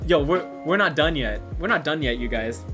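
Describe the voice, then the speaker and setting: A young adult streamer casually telling a story while crafting at home, animated and laughing, with plenty of swearing and filler words. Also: medium pitch, normal speed, faint music behind.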